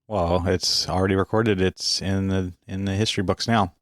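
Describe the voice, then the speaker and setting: Man, podcast co-host, very low voice, measured, teasing, casual chat. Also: flat delivery, no echo, clean studio sound. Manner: measured, teasing, asks questions.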